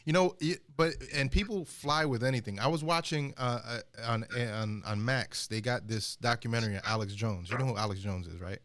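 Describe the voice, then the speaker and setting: A man's voice: mid-range voice, a little fast, few pauses, a bit bright. A man co-hosting a podcast, telling rambling stories in casual chat with many restarts. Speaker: podcast co-host.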